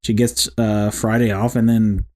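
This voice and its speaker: A man's voice: fairly low pitch, little pitch movement, measured pace, a little mellow. A man co-hosting a podcast, chatting casually in a rambling way, full of fillers and "dude". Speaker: podcast co-host. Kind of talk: casual chat.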